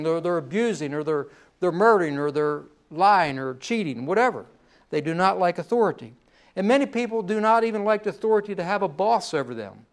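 A male pastor preaching a sermon in a conversational way, often repeating phrases and checking in with "right?". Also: high voice.

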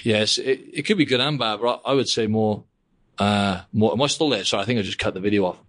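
Man, podcast host, casual video-call chat, rambling, halting, laughs often, lowish voice. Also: fairly bright tone.

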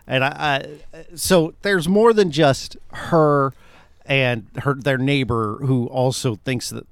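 A man's voice: mid-range voice, slow pace, clear, resonant tone, no echo. A man co-hosting a film podcast, chatting casually and making sarcastic jokes about the plot. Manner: jokey, sarcastic asides. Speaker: podcast co-host. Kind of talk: casual movie review chat.

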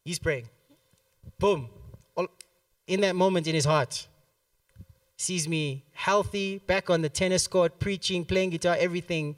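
A man's voice: high-pitched, measured pace, pauses often, dry recording, distant mic. A man preaching a sermon at a church service, telling a story and acting out the quotes with plenty of laughter. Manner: animated, acts out quotes, laughs often.

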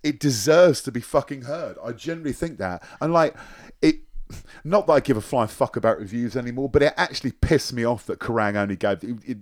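A man as a podcast guest, talking in a rambling, halting way and swearing often. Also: medium pitch. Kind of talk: casual chat.

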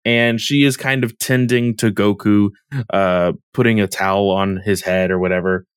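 A man co-hosting a podcast, recapping a comic chapter in a relaxed, casual way, full of fillers and hedges. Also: lowish voice, normal speed, clean tone, no echo, clean studio sound. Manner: relaxed, with filler words and hedges like "kind of" and "or whatever". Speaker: podcast co-host.

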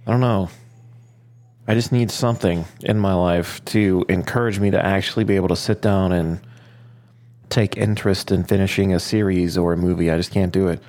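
A man's voice: low-pitched, fairly even intonation, fairly quick, darkish tone. A young man in his twenties co-hosting a casual podcast, laid-back and joking, swearing casually. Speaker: podcast co-host.

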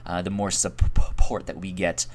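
A young man co-hosting a podcast chats casually and rambles, with many ums and restarts. His low, darkish voice shows little pitch movement at a moderate pace, with slight background noise.

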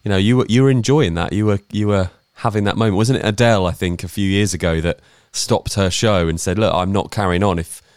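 A man's voice: on the low side, steady tone, fairly quick, hardly any pauses, darkish tone, clear, resonant tone, no echo, clean studio sound. A man hosting a podcast, asking long, friendly questions in a casual chat. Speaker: podcast host.

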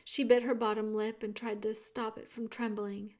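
A woman reading a children's book aloud, narrating it in a calm storytelling manner. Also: fairly high pitch, normal speed.

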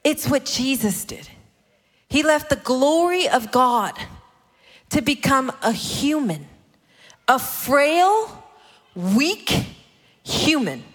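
A woman in her thirties preaching a sermon, animated and playful, acting out the voices of the people she quotes. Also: high voice, slow pace, pauses often. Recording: long hall reverb.

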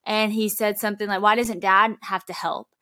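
A woman's voice: medium pitch, fairly even intonation, moderate pace, pushed and bright, no echo. Young woman guest, earnest and chatty, fillers and quoted asides, dry studio mic. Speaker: podcast guest. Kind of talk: casual podcast conversation.

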